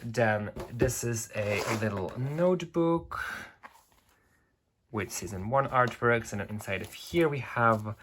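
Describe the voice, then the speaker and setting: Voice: mid-range voice, lively intonation, slow, noisy background. A collector in their twenties gives a casual, gushing tour of their shelves, filming one-handed and praising every item over and over. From Belgium. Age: 20s. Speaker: collector vlogger. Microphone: handheld camera held in one hand.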